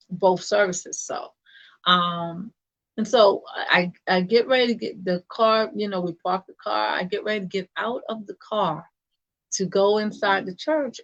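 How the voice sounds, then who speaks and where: A woman who serves as a church deacon tells a personal story, pausing often and circling back with fillers and restarts. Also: on the low side, a bit bright, lo-fi sound. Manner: halting, with many fillers and restarts.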